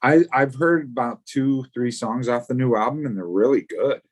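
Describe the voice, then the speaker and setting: A man's voice: mid-range voice, moderate pace. A middle-aged man co-hosting a casual live chat show, rambling and often stumbling over repeated words as he starts sentences. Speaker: podcast co-host.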